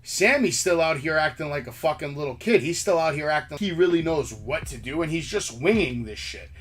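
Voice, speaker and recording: A man's voice: a little high, lively intonation, fairly quick, a bit bright. A man hosting a wrestling podcast, ranting in heated, profane casual chat. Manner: brash, heated, swears constantly. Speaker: podcast host.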